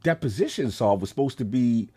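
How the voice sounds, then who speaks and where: A man's voice: mid-range voice, animated, brisk, dark tone, slightly rough. A man co-hosting a podcast, chiming in with short affirmations in casual chat. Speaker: podcast co-host.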